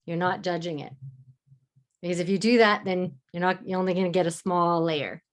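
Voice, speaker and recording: A woman hosting a live online masterclass as a mentor, explaining in an encouraging way and speaking mantras softly and slowly. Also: fairly low pitch, steady tone. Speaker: love mentor and masterclass host.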